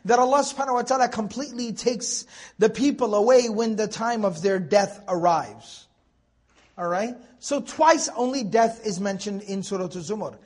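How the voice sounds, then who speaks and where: Young guy with a high voice teaching quran tafseer, chatty, recites arabic verses, lots of "right?". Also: moderate pace, darkish tone. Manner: conversational, asks rhetorical questions, recites Arabic verses. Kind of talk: tafseer lecture.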